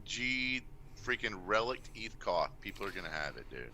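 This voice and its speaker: A man's voice: on the low side, very animated, normal speed, pushed and bright, a little hiss or hum. A laid-back, playful man co-hosting a casual livestream, who often repeats his words as he talks. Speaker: co-host.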